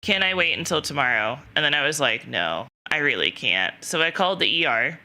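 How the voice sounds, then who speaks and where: Young woman streamer rambling thru a story, giggly, bright sharp voice, kinda low pitched. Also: big pitch swings, fairly quick. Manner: giggly, rambling, lots of self-quoting. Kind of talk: casual storytelling to chat.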